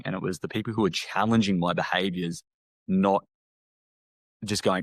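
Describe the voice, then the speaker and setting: A man with an Australian accent, a former medic speaking candidly in an interview, halting and reflective with frequent restarts. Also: deep voice, level tone, no echo. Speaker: guest, former army medic.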